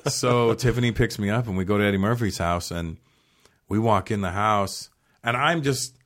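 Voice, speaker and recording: A man with a lowish voice spins a casual story as a guest on a chat show. He acts out the other people's lines as he goes and swears now and then. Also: normal speed. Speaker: podcast guest, comedian. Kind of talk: casual anecdote telling.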